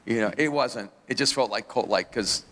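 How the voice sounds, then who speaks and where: A man's voice: on the low side, moderate pace, a bit bright, long reverb tail. A man, a pastor, telling his life story as an interview guest, rambling with restarts and laughing at himself.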